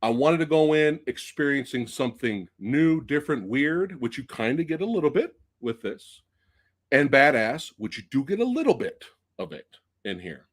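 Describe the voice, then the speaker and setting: This is a male host of a live movie review stream who talks in a loose, chatty way and drops swear words without a second thought. His pitch swings widely as his excitement builds. He speaks straight to the viewers at home. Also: moderate pace. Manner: chatty, addresses viewers directly. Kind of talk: casual live-stream chat.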